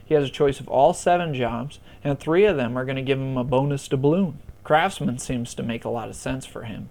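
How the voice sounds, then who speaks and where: A man's voice: medium pitch, brisk, a little mellow. Man, mid-range voice, casual rules explainer, conversational, self-deprecating humor. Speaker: board game tutorial presenter.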